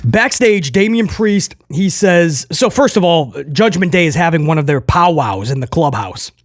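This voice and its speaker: Sex: male. Role: wrestling reviewer. Style: casual commentary. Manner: animated, chatty. Pitch: high. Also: normal speed, no echo, studio quality. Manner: animated, laughing often, addresses viewers as guys.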